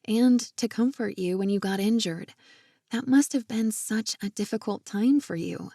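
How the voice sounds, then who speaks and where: Lady doing a quirky girl in love, teasing, a bit gravelly, romance audiobook. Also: mid-range voice, normal speed, mellow, no room sound, studio quality. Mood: heartfelt. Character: adoring young woman, quirky and teasing.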